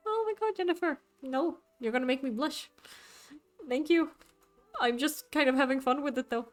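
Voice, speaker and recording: A woman's voice: high-pitched, unhurried, long pauses, soft background music. A woman streamer chatting casually and playfully with her live audience while playing a game, laughing often. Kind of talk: casual live gameplay chat.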